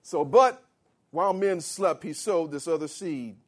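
A man preaching a sermon. He reads scripture slowly, explains it in plain words, and rises to emphatic shouts. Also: fairly high pitch, expressive, slightly rough.

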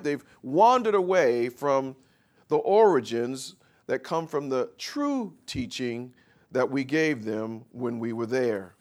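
A man preaching a sermon, reading scripture slowly and explaining it, calling out questions for the congregation to answer. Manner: call-and-response with the congregation; reads scripture slowly then explains, rising louder and higher.

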